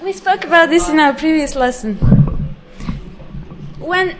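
A woman with a high, light voice leads a live class, patiently correcting students and drawing out each syllable with care. Steady noise hangs under her voice throughout the recording. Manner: patient, corrective, repeats words slowly and precisely. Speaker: Sanskrit pronunciation teacher.

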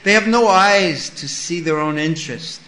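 A man giving a sermon, reading a scripture passage and explaining it with lively stories. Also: fairly high pitch, normal speed, reverberant, rough recording. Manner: storytelling with acted-out voices. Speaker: spiritual teacher.

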